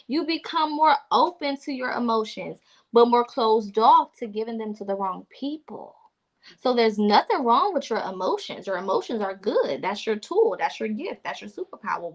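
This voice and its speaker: A woman with a fairly high voice lectures her listeners with emphatic, preachy conviction. She is blunt and unafraid to swear, punching her key points home in a casual spiritual chat. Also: a bit bright. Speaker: podcast co-host.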